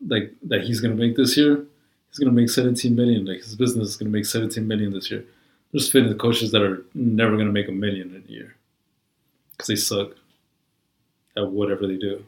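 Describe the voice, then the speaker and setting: A man chats casually in a low-pitched voice, swearing constantly and wandering from point to point with filler words. The sound is roomy and echoey. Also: steady tone, brisk, a little mellow. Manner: profane, rambling, lots of "like" and "you know". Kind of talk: casual chat.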